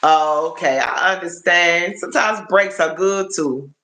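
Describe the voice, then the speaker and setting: A man's voice: high-pitched, a little slow, sharp tone, roomy sound. A man hosting a casual live stream, chatty and tired, repeating himself and calling his viewers y'all. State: tired and achy. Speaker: livestream host.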